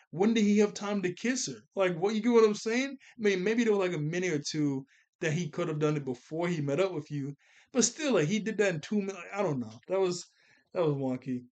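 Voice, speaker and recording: A young man giving a casual, animated episode review, slangy and laughing often as he recaps. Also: sits high. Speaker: cartoon reviewer.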